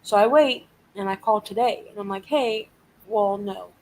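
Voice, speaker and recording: A woman's voice: medium pitch, moderate pace, a little mellow, a little hiss or hum, low-quality recording. A woman hosting a casual live chat, venting and swearing as she animatedly retells a frustrating week. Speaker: live stream host.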